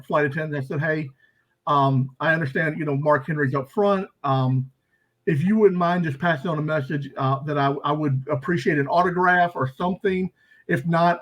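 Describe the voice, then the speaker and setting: A male podcast host with a somewhat raised pitch tells a personal anecdote. He talks casually and with animation, leaning on fillers and restarts as he goes. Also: a bit bright, rough recording. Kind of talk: casual storytelling.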